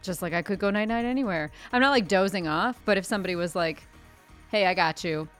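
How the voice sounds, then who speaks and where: A woman co-hosting a radio show in a studio, chatting casually with dry, deadpan quips. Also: medium pitch, quick pace, soft background music. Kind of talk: casual banter.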